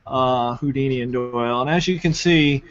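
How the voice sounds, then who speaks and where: A man's voice: medium pitch, normal speed. A man chatting casually on a panel, laughing often and trailing off with fillers. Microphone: video call. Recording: lo-fi online call audio.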